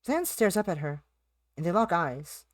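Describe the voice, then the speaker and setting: A woman's voice: on the low side, lively intonation, moderate pace, dry recording, clean studio sound. A young adult woman live streaming a visual novel, reading it aloud and chatting in a playful, rambling way that repeats itself and slips into sing-song bits. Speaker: game streamer.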